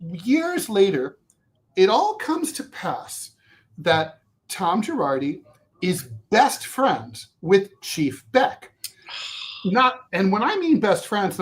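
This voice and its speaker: A man spins a long story in relaxed conversation, his voice jumping up and down in pitch as he gets worked up. He swears freely and breaks off mid-sentence to add asides and corrections. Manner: animated, swearing, restarts and asides. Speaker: co-host. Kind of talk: casual storytelling chat.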